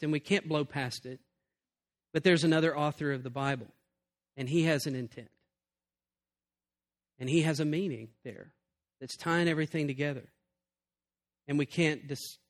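A man preaching in an earnest, conversational way, with a fairly high voice for a man. He talks the listeners through his point plainly and sincerely. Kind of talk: sermon on preaching.

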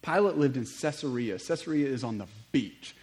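A man preaching a sermon, telling stories in an animated way with conversational asides. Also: mid-range voice, normal speed, low-quality recording. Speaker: pastor.

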